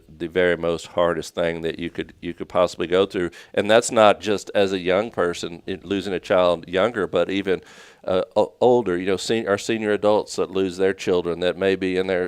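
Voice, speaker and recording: A man's voice: low voice, clear, resonant tone, no room sound. A middle-aged man co-hosting a talk show, chatting casually about parenting and reading listener comments aloud with easy chuckles.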